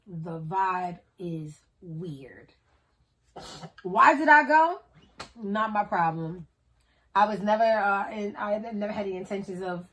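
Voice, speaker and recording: Woman vlogger, thirties, casual storytelling to a tripod camera, slangy and lively, acts out each character. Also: mid-range voice. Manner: animated, slangy, acts out the people in her story.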